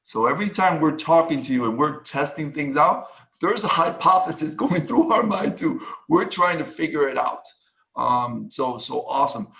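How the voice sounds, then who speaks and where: Male meetup host on a call, raised pitch, gravelly edge, loose hesitant delivery. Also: expressive, moderate pace. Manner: warm, rambling, hesitant with many ums. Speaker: agile coach and meetup host. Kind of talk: casual group chat.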